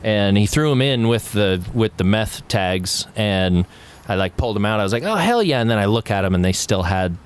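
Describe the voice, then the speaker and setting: A man's voice: on the low side, normal speed, smooth. A man co-hosting a casual podcast, telling loose stories with lots of laughter, swearing and acted-out quotes. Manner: laughing, swearing storyteller who acts out quoted talk. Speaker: podcast co-host. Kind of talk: casual chat.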